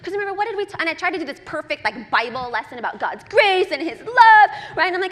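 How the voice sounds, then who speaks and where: High, bright-voiced woman preaching. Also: fast, few pauses, big-room sound, a little hiss or hum. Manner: animated, personal storytelling with laughs. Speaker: guest speaker at a church. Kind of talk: sermon. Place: church service.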